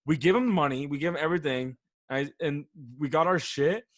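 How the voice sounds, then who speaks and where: A man's voice: a little high, a little fast, no room sound, clean studio sound. A man in his twenties co-hosting a podcast, telling stories in a rambling casual way, swearing often. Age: 20s. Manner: rambling, swears often, says "dude" and "bro". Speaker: podcast co-host. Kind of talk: casual chat, storytelling.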